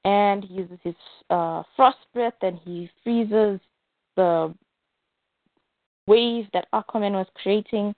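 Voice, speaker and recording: A woman narrating a superhero toy story in an animated, playful way. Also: mid-range voice, slow pace, no room sound. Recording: tinny phone-like dry sound.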